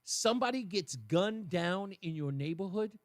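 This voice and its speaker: A man hosting a talk radio show, giving animated commentary and acting out the voices of the people he quotes. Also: sits high, moderate pace, dry recording.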